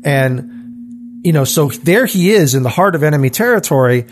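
A podcast co-host with a voice on the high side leads a casual Bible study talk at a moderate pace, with slight background noise. He reads verses aloud and animatedly acts out the scripture quotes, his voice rising with feeling.

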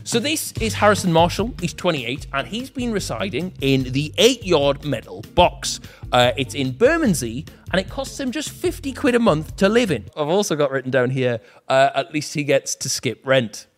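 A man's voice: a little high, sing-song, moderate pace, faint music behind. A man with a British accent hosting a comedy news roundup, delivering scripted items with sarcastic asides and swearing. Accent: British English.

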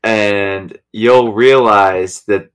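A man's voice: on the low side, steady tone, drawn-out words, clean tone. A young man co-hosting a podcast in casual chat, hesitant, with many you-knows and ums. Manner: hesitant, lots of you know and um. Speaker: podcast co-host.

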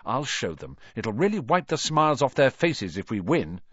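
A man's voice: medium pitch, big pitch swings, moderate pace, fairly bright tone, no echo, lo-fi sound, pitched above the performer's own voice. A man reading an audiobook voices a nervous but defiant young teenage boy speaking with determination.

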